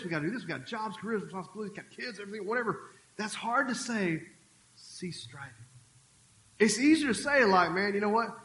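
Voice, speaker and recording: A male pastor delivers a sermon in a loose, conversational way, full of quick asides. His voice sits a little high for a man. It rings out in an echoey church room, with a faint hum underneath. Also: fairly bright tone. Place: church sanctuary.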